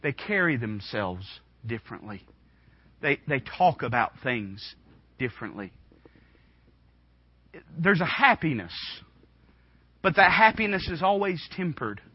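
Impassioned young preacher, dull recording. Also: male voice, medium pitch, very animated, measured pace, long pauses, slightly rough. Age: 20s. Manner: impassioned, swings from hushed to shouting. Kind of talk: sermon. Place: church room.

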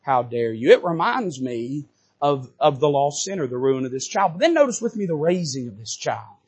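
A man with a notably high voice preaches a sermon from a church pulpit. He speaks straight to his congregation, swinging from quiet, low lines to loud, soaring emphasis. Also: big pitch swings, normal speed, slightly rough. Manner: fervent preaching with big swings in pitch and loudness; addresses the congregation directly. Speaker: pastor. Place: church sanctuary.

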